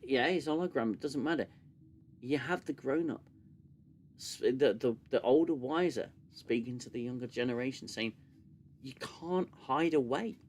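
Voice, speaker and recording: A man hosting a casual live discussion stream, talking in long animated runs and sometimes mimicking gushing voices. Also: fairly high pitch, a little hiss or hum. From United Kingdom. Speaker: podcast host.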